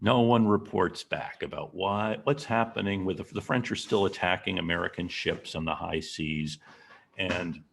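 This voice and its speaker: Male lecturer, low husky voice with a gravelly edge, storytelling to a class. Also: moderate pace, fairly bright tone. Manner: storytelling, asks the class questions. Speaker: history lecturer.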